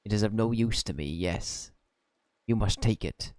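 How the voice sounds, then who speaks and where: A formal, evasive old trader, read by a man who talks stiffly and stumbles over his words. His voice sits low and dark, mellow in tone. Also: moderate pace, close to an everyday voice. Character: formal, evasive older male peddler.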